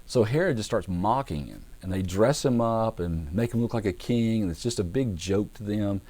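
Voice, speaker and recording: A man, a pastor, teaching a Bible passage in a relaxed, conversational way, acting out the figures as he goes. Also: on the low side, moderate pace. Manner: conversational storytelling with acted-out voices; relaxed, with fillers and restarts.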